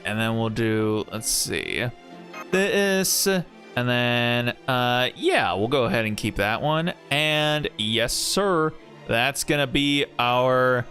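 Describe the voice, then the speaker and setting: Slow, relaxed male streamer. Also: mid-range voice. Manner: relaxed, unhurried, muttering to himself. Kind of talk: casual gameplay commentary.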